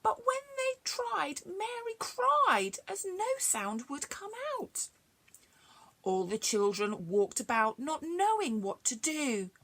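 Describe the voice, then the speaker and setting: A woman librarian reading rhyming stories aloud to children, expressive and chatty between verses. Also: sits high, slow. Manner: expressive, sing-song, chatty asides.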